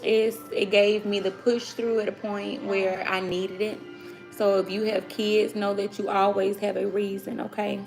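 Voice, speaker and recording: A woman's voice: mid-range voice, level tone, unhurried, creaky, soft background music, rough recording. A woman in her thirties vlogging casually from her kitchen, talking to viewers as y'all about cooking for her kids. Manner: chatty, addresses viewers as y'all. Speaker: vlogger mom. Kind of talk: casual vlog chat. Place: home kitchen with kids nearby. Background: children talking.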